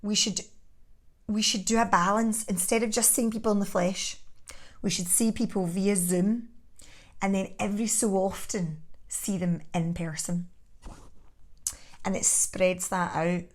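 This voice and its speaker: A woman's voice: mid-range voice, fairly even intonation, measured pace, long pauses. A woman, chatting casually to camera as a vlogger, rambling and laughing often. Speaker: vlogger host.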